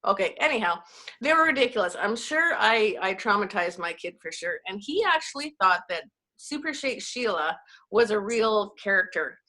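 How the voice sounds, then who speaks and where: On a relaxed video call, this Canadian woman, who coaches network marketing, spins chatty, self-mocking tales. She speaks at a normal pace in a sharp, mid-range voice with big swings in pitch.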